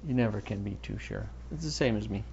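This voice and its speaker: Low gravelly-voiced man rambling on a podcast. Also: quick pace, a little mellow, dull audio, a little hiss or hum. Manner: rambling, self-mocking, offhand. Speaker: podcast host. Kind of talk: rambling solo podcast chat.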